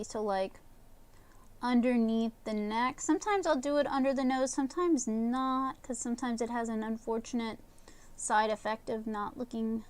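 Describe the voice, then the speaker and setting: Woman running a painting livestream, kinda high voice, talks in bits while she paints, pretty casual. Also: darkish tone, smooth. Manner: casual, thinking aloud while painting, halting phrases. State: talking with a candy in her mouth. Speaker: art instructor.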